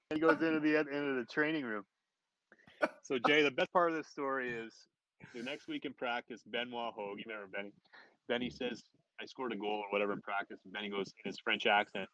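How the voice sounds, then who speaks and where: A man, a former hockey player, telling an anecdote in casual chat as a podcast guest, animated and laughing often. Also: medium pitch, quick pace, dry recording, muffled recording. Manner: animated, laughs often, quotes others in raised voices. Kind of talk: casual storytelling.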